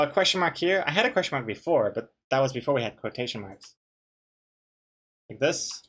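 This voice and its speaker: Guy streaming his comic art, reads chat out loud, dry jokey banter, rambles a bit. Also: on the high side. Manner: rambling, frequent restarts. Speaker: webcomic artist streaming. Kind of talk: casual live-stream chat.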